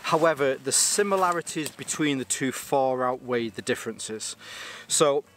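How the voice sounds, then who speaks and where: A man's voice: medium pitch, moderate pace, a bit bright, slight background noise. A man casually reviewing gear on his channel, rambling and enthusiastic, joking and restarting sentences often.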